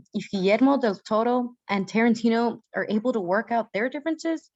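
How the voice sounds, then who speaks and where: A woman's voice: medium pitch, no room sound, natural voice. A woman voicing a brash, boastful young man who talks in a bossy way, in an amateur comedic audio drama. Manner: bossy, fast-talking bragging. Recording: dull dry lo-fi mic.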